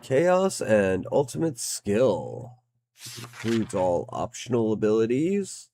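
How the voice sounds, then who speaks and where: Very animated yet slow-paced, this fairly low, warm male voice comes with a little hiss or hum in the background. He's a game reviewer streaming his play, chatting casually, a little winded, swearing at times, and reading game text out loud.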